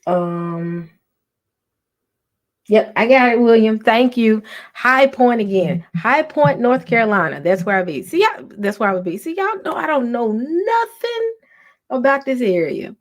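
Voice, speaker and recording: A woman hosting a casual livestream from home, talking softly with many ums and restarts. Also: on the high side, sing-song, a little slow. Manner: soft, half-whispered talk with many ums and restarts. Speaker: livestream host.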